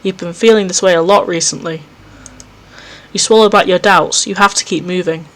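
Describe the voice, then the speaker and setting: A man's voice: sits high, steady tone, moderate pace, fairly bright tone. A man hosting a let's play from home, reading a visual novel aloud and cutting in with jumpy, self-mocking asides. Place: home recording setup.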